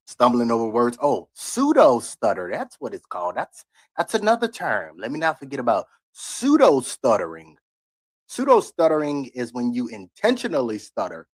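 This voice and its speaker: A man on a live stream tears into the video he is watching, bluntly critical and drifting into long, rambling asides. His voice sits at an ordinary middle pitch. The sound is close and dry, with no room around it. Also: huge pitch swings, moderate pace, no echo. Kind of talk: casual live-stream commentary.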